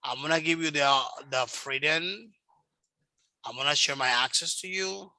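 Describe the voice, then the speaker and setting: A man teaching English over a video call, his voice very bright and a touch high. He patiently repeats himself and sounds out words to show where the stress falls. The sound is dry and close. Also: moderate pace, no room sound. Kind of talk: online one-on-one English lesson.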